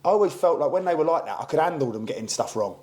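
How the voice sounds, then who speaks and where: A man co-hosting a podcast in a pub back room, an ex-footballer telling animated stories. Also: fairly high pitch, rapid-fire. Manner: animated, tells stories with acted quotes. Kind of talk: casual chat.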